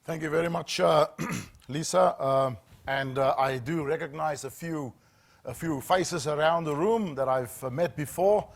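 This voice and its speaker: South African male trainer with a slightly high voice, dramatic pauses, anecdotal keynote delivery. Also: creaky. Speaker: safety training speaker. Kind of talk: storytelling keynote talk. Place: training room with audience.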